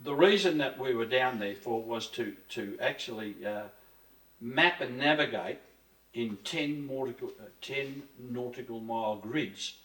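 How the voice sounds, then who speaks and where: A man's voice: medium pitch, a little slow, fairly bright tone. An older man from Australia, an interview guest telling stories in a rambling, earthy way, with restarts and mild swearing. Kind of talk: casual reminiscing interview. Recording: roomy, from a distance.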